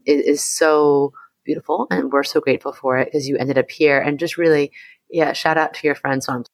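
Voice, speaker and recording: Low-voiced gushing woman host. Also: steady tone, a little fast, no room sound. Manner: warmly effusive, gushing praise, rambling with fillers. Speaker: podcast host. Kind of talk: casual interview chat.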